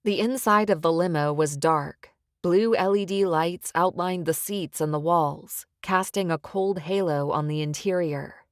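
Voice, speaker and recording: A woman narrating an audiobook in a measured first-person storytelling manner. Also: fairly low pitch, no room sound, studio quality. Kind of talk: scripted narration.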